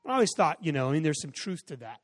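Pastor, 40s, man with a high voice; chatty storytelling sermon, voices the back-and-forth loudly; hall reverb. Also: sing-song, quick pace, studio quality. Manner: conversational storytelling, acts out exchanges in raised voices. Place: church sanctuary with a stage and audience seating.

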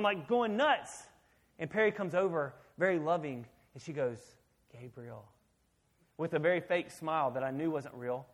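Animated man preaching a sermon. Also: sits high. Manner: conversational, animated, asks the audience questions. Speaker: pastor.

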